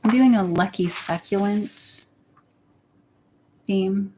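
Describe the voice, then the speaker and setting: A woman's voice: medium pitch, slow pace, mellow, slight background noise. A young woman chatting candidly on her livestream, rambling and sometimes dropping into a whisper. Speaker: YouTuber. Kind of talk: casual livestream chat.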